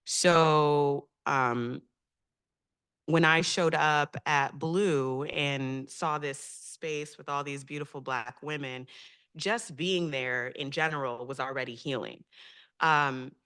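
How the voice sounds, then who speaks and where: A woman's voice: sits low, steady tone, slow pace, fairly bright tone, clear, resonant tone. A woman speaking on a community panel, telling a personal story in a heartfelt, reflective way with frequent hesitations.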